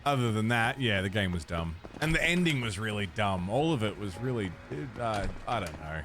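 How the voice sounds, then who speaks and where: A man's voice: lowish voice, lively intonation, normal speed, fairly bright tone. Laid-back swearing gaming streamer man. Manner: laid-back, swears and laughs, chats with viewers. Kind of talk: casual let's-play chat.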